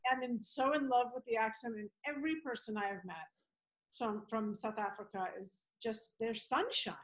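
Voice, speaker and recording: A woman's voice: a little high, normal speed, rough recording. Effusive American woman on a video call. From New York City. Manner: effusive and warm-hearted. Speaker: podcast guest. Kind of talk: casual video-call chat.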